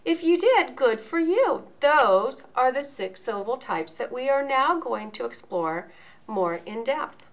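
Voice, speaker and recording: A woman teaching a lesson in a video, explaining each point slowly and enunciating clearly. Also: high voice, lively intonation. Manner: slow, deliberate, clearly enunciated.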